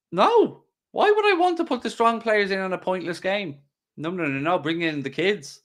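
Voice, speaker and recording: A man's voice: high voice, animated, moderate pace, fairly bright tone. A man hosting a live stream, chatting casually and joking as he answers viewers' questions. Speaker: livestream host.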